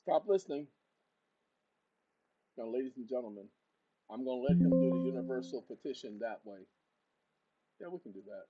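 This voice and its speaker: A man hosting his own channel, giving spoken commands to a voice assistant and walking viewers through a document on screen, switching between loud orders and quiet asides. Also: animated, normal speed, long pauses, lo-fi sound, faint music behind. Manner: talks to a voice assistant in bursts, then explains to viewers; shouts commands, then drops to a low aside. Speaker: channel host. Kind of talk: casual screen-share walkthrough.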